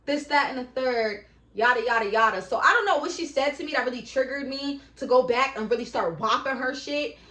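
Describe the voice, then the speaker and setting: A young woman casually telling a profane storytime, acting out her own shouting in a lively way. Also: high-pitched, reverberant. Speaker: vlogger.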